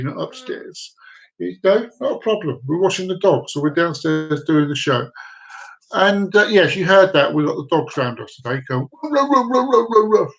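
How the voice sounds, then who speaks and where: Host, male, high-pitched voice, chatty and rambling, cracking corny jokes on a home live stream. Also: creaky, fairly bright tone, poor audio. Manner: jokey, rambling, repeats himself. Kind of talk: casual live-stream chat. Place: downstairs room at home with dogs.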